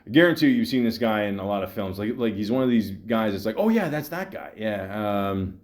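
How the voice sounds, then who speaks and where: Rambling male podcast host, low voice. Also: brisk. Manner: rambling, many fillers and restarts; breaks into voice impressions of movie lines. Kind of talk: casual solo movie talk.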